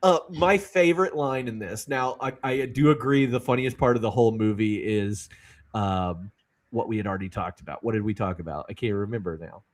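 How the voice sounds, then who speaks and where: A man's voice: on the low side, brisk. A man co-hosting a casual movie chat podcast, eagerly quoting favorite lines and laughing along. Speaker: podcast co-host.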